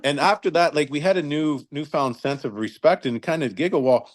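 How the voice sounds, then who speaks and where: Talking briskly in a fairly high voice, a retired hockey linesman in his fifties shares casual stories. He's an animated storyteller who acts out the quotes.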